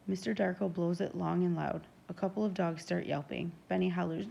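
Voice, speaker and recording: A woman narrating a first-person novel in a steady, even storytelling manner. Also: on the low side, a little fast, gravelly, hardly any pauses, slight background noise. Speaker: audiobook narrator.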